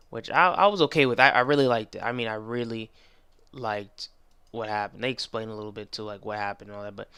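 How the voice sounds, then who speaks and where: A young man giving a casual anime episode review, excitable and rambling, full of slang and restarts. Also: mid-range voice, gravelly, smooth, no echo.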